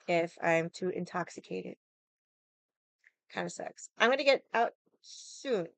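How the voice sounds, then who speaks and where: A woman's voice: on the low side, dry recording. A young woman chatting casually with viewers on a livestream, rambling, swearing freely and laughing often. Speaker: livestream vlogger.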